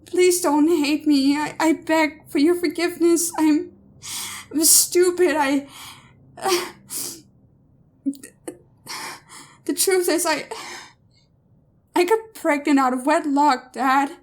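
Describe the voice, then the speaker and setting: A woman's voice: high-pitched, fairly even intonation, very slow, pauses often, sharp tone, heavily acted. A woman playing a sobbing, terrified young daughter. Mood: desperate confession. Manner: sobbing, stammering, pleading. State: crying.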